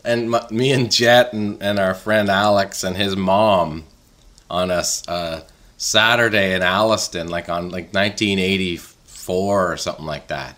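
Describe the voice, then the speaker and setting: A man's voice: sits low, fairly even intonation, unhurried, a bit bright. A man telling stories in casual chat with a co-host. He rambles and laughs often.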